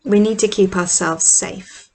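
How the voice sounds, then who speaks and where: A middle-aged woman leading a children's church session, telling a Bible story with props in an animated, expressive way. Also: mid-range voice, measured pace, vocal fry, breathy edge, poor audio.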